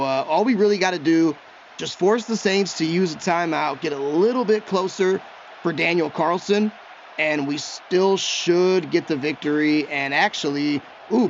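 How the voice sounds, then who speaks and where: A man giving live, chatty commentary while he plays a football video game, excitable and talking to himself about each play. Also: fairly high pitch, a little slow, dull audio, slight background noise. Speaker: gaming YouTuber.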